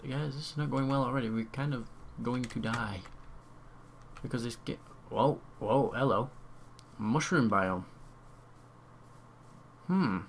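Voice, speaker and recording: Here the young gamer talks a little slowly in a mid-range voice, leaving long pauses while he chats about his play and repeats words under his breath. A home mic captures loud keyboard typing and a faint hiss or hum.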